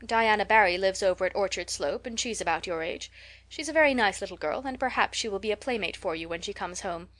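Woman reading as a stern elderly spinster, brisk, scolding, moralizing, audiobook. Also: mid-range voice, fairly bright tone, close to an everyday voice.

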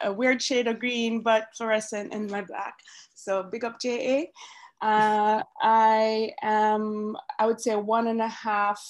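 Woman, soft and unhurried, video call audio, mid pitch. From Jamaica. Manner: soft-spoken, unhurried, many pauses. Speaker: panel artist. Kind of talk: online panel introduction.

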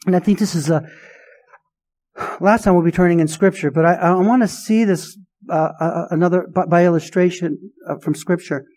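High-voiced man preaching emphatically. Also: fairly even intonation, moderate pace, darkish tone. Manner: emphatic preaching with rhetorical questions. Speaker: pastor. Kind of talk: sermon.

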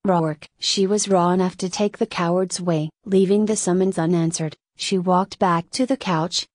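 A woman's voice: lowish voice, fairly even intonation, normal speed, darkish tone, dry recording. Woman narrating an audiobook, dry sound.

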